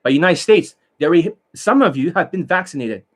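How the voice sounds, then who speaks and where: A man's voice: on the high side, lively intonation, brisk. A man, a dating coach from Canada, talking to his students in a blunt, rambling, profane monologue and scolding them.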